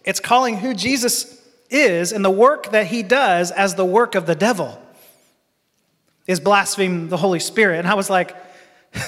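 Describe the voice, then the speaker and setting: A man with a high voice gives an earnest sermon built on his own story. He pauses and restarts his sentences often. His voice carries a long reverb, as in a large hall. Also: fairly bright tone. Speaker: preacher. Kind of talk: personal testimony sermon.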